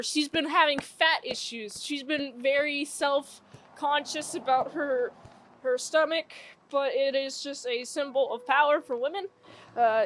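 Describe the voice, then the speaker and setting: A woman's voice: sits high, fairly bright tone, a little hiss or hum. A young woman casually retelling a movie's plot for a review, rambling, swearing now and then and laughing at her own asides.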